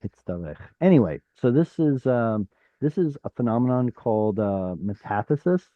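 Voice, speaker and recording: A man's voice: mid-range voice, lively intonation, moderate pace, no echo, dull audio. A man teaching an online Hebrew class, explaining step by step, sounding out letters and correcting himself as he goes. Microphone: video call.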